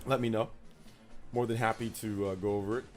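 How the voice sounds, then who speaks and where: A man's voice: lowish voice, steady tone, brisk, darkish tone, faint music behind. A man in his thirties chatting casually with his live-stream audience, rambling and slangy, repeating himself. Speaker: streamer reading chat.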